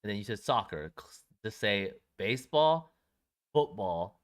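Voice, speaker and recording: A young man co-hosting a podcast, chatting casually and breaking into playful loud banter. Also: on the low side, animated, measured pace. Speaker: podcast co-host. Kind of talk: casual chat.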